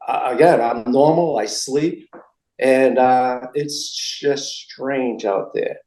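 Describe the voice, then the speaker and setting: A middle-aged man from Massachusetts tells stories in a relaxed interview, circling back and restarting constantly. He talks slowly at medium pitch with a slightly mellow tone; the audio is poor and the room audible.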